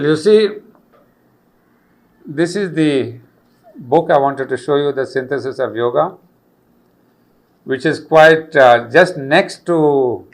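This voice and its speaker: An older man, giving an earnest spiritual lecture on yoga and repeating key phrases for emphasis. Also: a little high. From India.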